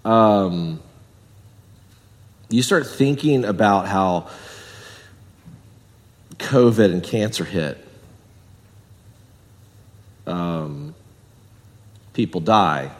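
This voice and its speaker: A man preaching a sermon in a chatty way, jumping from loud emphatic bursts down to quiet asides. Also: sits low, expressive, extremely slow, long pauses, in a large hall. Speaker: pastor.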